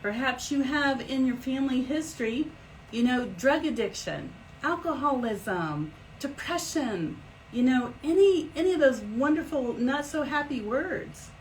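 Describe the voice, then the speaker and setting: A middle-aged woman hosting a live stream as an energy healer, talking in a chatty, animated way with big swoops in pitch. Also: unhurried, slight background noise, rough recording. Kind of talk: casual live-stream talk.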